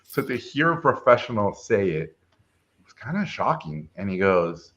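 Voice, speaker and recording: Animated middle-aged man telling stories. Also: fairly low pitch, moderate pace, highs cut off. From Mexico. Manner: animated, acts out quoted voices. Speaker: film director guest. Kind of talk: casual storytelling chat.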